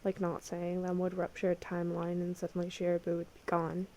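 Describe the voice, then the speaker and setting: A woman reading a fan fiction story aloud as a podfic, in a quiet, low-key way. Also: completely flat delivery, a little fast, a little hiss or hum. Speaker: podfic reader.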